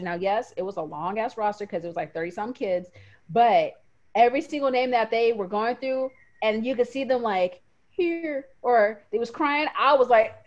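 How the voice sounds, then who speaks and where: A woman co-hosting a podcast, casually and emotionally retelling favorite moments with lots of fillers. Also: on the high side. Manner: animated, emotional storytelling with fillers. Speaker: podcast co-host. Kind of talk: casual chat. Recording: muffled lo-fi audio.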